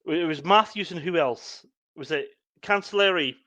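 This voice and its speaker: Walking through match moments one by one, this male podcast co-host keeps the sports chat casual. His voice is a little high and sharp in tone, moving at a moderate pace.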